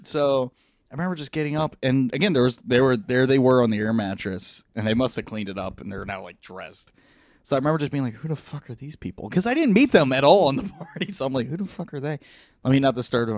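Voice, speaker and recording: A man hosting a podcast, telling a crude story in casual, animated chat. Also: mid-range voice, no echo, clean studio sound. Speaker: podcast host.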